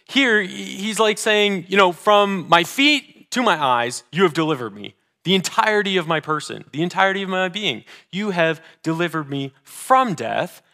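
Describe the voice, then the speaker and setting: A man preaching a sermon as pastor, earnest, moving between emphatic declarations and hushed, slower readings of scripture. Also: high voice, lively intonation, vocal fry. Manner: reads scripture slowly and deliberately.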